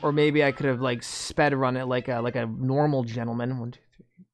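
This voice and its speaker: A man's voice: mid-range voice, level tone, normal speed, soft background music. A man giving casual gameplay commentary as a gaming YouTuber, rambling and sarcastic, with many restarts.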